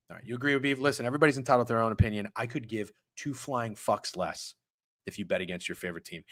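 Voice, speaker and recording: A man hosting a live sports betting stream, ranting with heavy swearing and swinging from muttered asides to loud outbursts. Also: medium pitch, rapid-fire, no echo. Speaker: sports betting show host.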